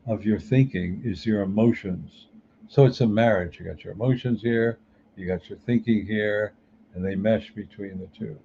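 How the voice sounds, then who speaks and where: A man's voice: lowish voice, dark tone, slight background noise. A man giving a conversational motivational talk as a spiritual teacher and coach, asking many rhetorical questions. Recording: muffled lo-fi recording.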